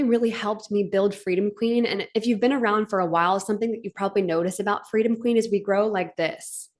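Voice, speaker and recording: A woman's voice: mid-range voice, a little mellow. A woman hosting a live stream for her business community, speaking in a gushing, heartfelt way with frequent "like" fillers. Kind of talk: emotional motivational live stream. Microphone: webcam on a live stream.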